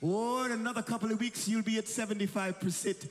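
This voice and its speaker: A woman's voice: fairly high pitch, steady tone, quick pace, voice pushed up, lightly acted. A man preacher voicing a big, strict female physical therapist with a foreign accent, bossy and teasing, in an echoey hall. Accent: foreign, Russian or Austrian.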